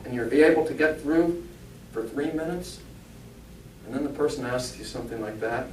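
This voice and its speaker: A man's voice: mid-range voice, normal speed, background noise. A man, a spiritualist minister and medium, giving an informal talk to a congregation, chatty and humorous, often asking the audience questions. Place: church hall. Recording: echoey church from a distant mic.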